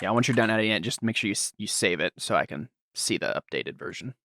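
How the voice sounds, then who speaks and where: A man running a tabletop role-playing game as game master, chatting in a relaxed, rambling way with lots of fillers. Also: lowish voice, quick pace, creaky, a little hiss or hum. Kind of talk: casual chat while setting up a tabletop game.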